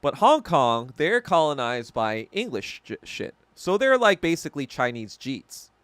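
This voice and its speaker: A man with a voice on the high side hosts a podcast, his pitch swinging widely while he speaks at an unhurried pace. The sound is a bit bright and smooth and the recording is dry. He delivers a casual, profane, heated rant as a rambling monologue, frequently correcting himself.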